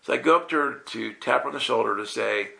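A man's voice: mid-range voice, fast talker, vocal fry, bright, forceful tone, rough recording. A man telling a casual personal testimony as a guest minister, chatty and self-interrupting, often checking in with "right?".

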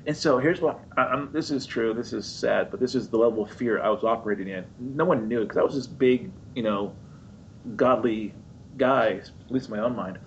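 A man's voice: a little fast, highs cut off, slight background noise. A man preaching, telling a story from his own life and acting out the voices in it. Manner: animated storyteller acting out his own voice and others, high squeaky jumps. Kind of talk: sermon storytelling.

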